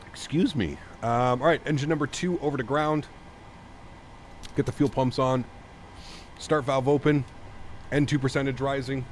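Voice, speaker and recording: A man's voice: mid-range voice, moderate pace, long pauses. A man from Canada streaming a flight sim, chatting casually and thanking viewers as he reads chat. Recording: steady background noise.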